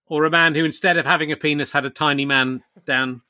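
A man's voice: fairly high pitch, fairly even intonation, quick pace, pushed and bright. A man with an English accent hosting a comedy podcast, playfully asking absurd questions. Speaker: podcast host. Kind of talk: casual podcast chat.

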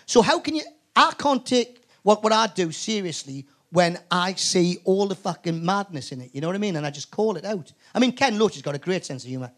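Geordie comic, male, higher voice, lively raconteur who trips over his words. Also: a little fast, hardly any pauses. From north-east England. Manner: animated storyteller, frequent stammered restarts, swears. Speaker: comedian guest. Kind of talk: live podcast chat. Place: comedy club stage.

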